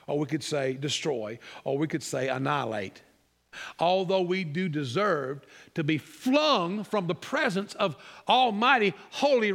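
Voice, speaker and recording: Man, sermon, emphatic rising repeats, soft low asides, long church-hall echo. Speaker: pastor.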